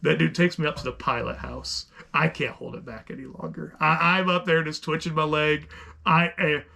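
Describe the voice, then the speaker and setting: A man's voice: fairly high pitch, normal speed, gravelly. A middle-aged man co-hosting a podcast, telling a story in casual chat with lots of restarts and rambling asides. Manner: animated, rambling with many restarts. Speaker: podcast co-host.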